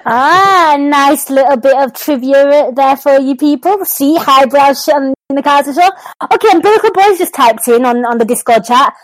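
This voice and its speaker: A woman's voice: sits high, normal speed, few pauses, no room sound, poor audio. A woman hosting a football call-in podcast, chatting casually, laughing easily and swearing. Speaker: podcast host.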